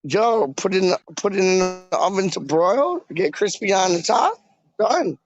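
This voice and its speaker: A man hosting a casual livestream chat, excitable and slangy, repeating catchphrases. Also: sits high, measured pace, dull audio. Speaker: livestream host.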